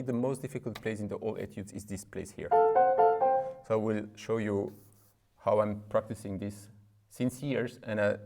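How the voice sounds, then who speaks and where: A man's voice: lowish voice, vocal fry. A man with French as his first language giving a casual piano lesson, explaining practice methods in plain English and asking "right?" as he plays. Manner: explains in plain, slightly non-native English with many "right?" asides. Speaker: piano teacher. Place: room with a piano. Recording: speech over loud piano playing. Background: loud piano playing.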